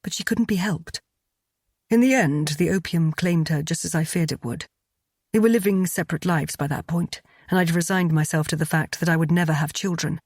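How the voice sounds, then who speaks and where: A brooding earl with a past he cannot shake, voiced by a woman reading a romance audiobook. The voice sits low and husky, close and dry, and the delivery stays measured and regretful. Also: a little mellow, dry recording. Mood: somber. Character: brooding aristocratic earl, burdened by guilt.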